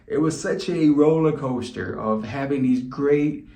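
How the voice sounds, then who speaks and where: A man's voice: mid-range voice, measured pace, warm tone. Chatty man telling a story in a roomy space. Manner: candid and chatty, with loose restarts. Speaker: vlogger. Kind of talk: casual storytelling to camera. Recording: roomy echo.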